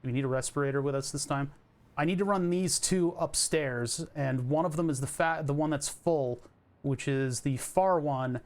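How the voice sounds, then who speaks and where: A man streaming a building game, chatting casually to his viewers in a rambling, self-mocking way. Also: fairly high pitch. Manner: rambling, self-mocking, jokey asides to chat. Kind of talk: casual gameplay commentary.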